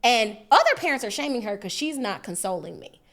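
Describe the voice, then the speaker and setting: Woman co-host with a slightly high voice who tells stories animatedly and does the voices in them. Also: brisk. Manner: animated, acts out voices in the story. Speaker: podcast co-host. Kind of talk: casual storytelling chat.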